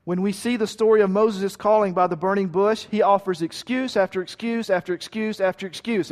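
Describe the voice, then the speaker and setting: A man preaching a sermon with emphatic repeated lists, sometimes dropping to a quiet hush. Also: high-pitched. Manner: drops to a quiet hush at key points. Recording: long reverb of a large hall.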